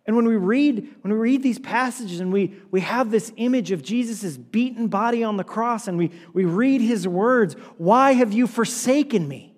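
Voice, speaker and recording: A man preaching a sermon as pastor, earnest and repetitive, sometimes dropping his voice low and quiet for emphasis. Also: moderate pace, few pauses. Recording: long hall reverb.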